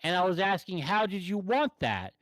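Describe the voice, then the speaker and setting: A man's voice: high voice, very animated, moderate pace, a bit bright, no room sound, low-quality recording. A man doing an insistent drive-thru girl. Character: casual young female drive-thru worker.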